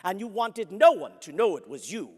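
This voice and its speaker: Heavily acted and very animated, this high, slightly rough male voice proceeds at a moderate pace. A historical character interpreter, he embodies an ardent, flamboyant young French nobleman, telling his story grandly to an audience in a large convention hall and laughing frequently amid the long reverb.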